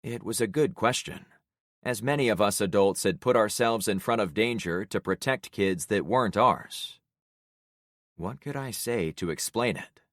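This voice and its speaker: A man with a lowish voice reads a survival story aloud in the first person. His delivery is steady and grave. The recording is dry and close, with no room sound. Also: normal speed, dry recording. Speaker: audiobook narrator. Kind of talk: first-person audiobook narration.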